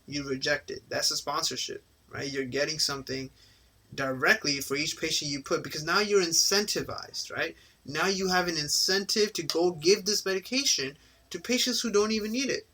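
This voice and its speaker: A man's voice: on the high side, moderate pace, sharp tone. A man giving a casual exam-prep lecture, often tagging "right?" onto his points and briefly acting out the people he quotes. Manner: casual, repeats "right?" to check understanding; acts out quoted people in passing.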